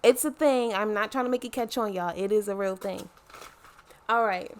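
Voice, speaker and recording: A woman's voice: medium pitch, normal speed. A woman in her twenties from Baltimore, with a Baltimore accent and a slight Southern twang, talking to camera in a chatty, slangy, playful way. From Baltimore, Maryland. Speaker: vlogger. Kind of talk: casual chat to camera.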